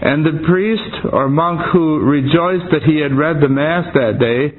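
A man reading a historical account aloud, earnest and steady, with occasional casual asides. The audio is tinny and phone-like with faint noise. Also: fairly high pitch, a little slow, few pauses. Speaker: reader and commentator.

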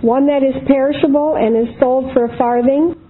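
A woman's voice: sits high, steady tone, normal speed, close to an everyday voice. A woman reading the part of a condemned woman of faith, firm and solemn, in a dramatic reading of a historical account. The audio is tinny and phone-like with faint noise. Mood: steadfast. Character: steadfast condemned woman of faith, calm and defiant.

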